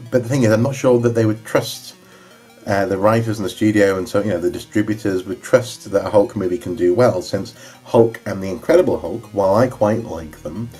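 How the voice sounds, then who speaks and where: A young man with a low voice talks casually and enthusiastically. He rambles, filling the gaps with ums and restarts. Faint background music plays under his voice. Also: a little mellow. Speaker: vlogger reviewing his DVD collection. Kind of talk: casual chat.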